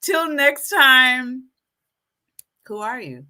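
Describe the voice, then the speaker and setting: A woman's voice: sits high, extremely slow. A woman hosting a casual live stream, addressing her viewers as folks and getting more and more fired up as she preaches. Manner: animated, preachy, hypes herself up. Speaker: YouTube live stream host.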